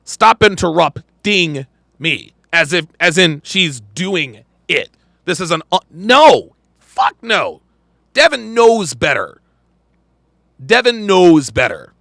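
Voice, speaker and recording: Male podcast host, high animated pitch, bright tense tone, profane emphatic reaction commentary. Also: slow pace, gravelly, dry recording. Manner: profane, emphatic, repeats lines.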